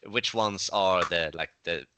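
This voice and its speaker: A man's voice: low-pitched, a little slow, noisy background. A man playing a tabletop game, talking casually and rambling a bit, swearing now and then. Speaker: player.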